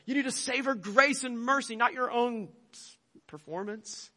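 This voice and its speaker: A man's voice: very high-pitched, unhurried, sharp tone, big-room sound. A male pastor preaching a sermon emphatically, with rhetorical questions.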